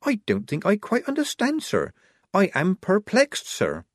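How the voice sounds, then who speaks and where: A young woman passing herself off as a keen boy private, raised, eager and dutiful in tone, as a man puts her on. The storybook reading is lively in pitch and dry and close. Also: measured pace, no echo, full character voice. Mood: innocent.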